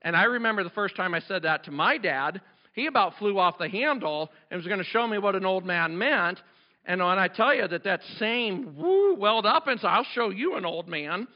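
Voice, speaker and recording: Loud, passionate high-voiced male pastor. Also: expressive, normal speed, lo-fi sound. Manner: loud and passionate, conversational asides. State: voice cracking from overuse. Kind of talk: sermon. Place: church sanctuary.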